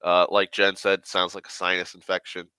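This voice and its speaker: A man's voice: deep voice, completely flat delivery, normal speed, bright, forceful tone, clear, resonant tone, no room sound. Sick young man ranting. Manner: profane, grumbling, sarcastic. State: sick, coughing. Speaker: online rambler. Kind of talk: casual rambling rant.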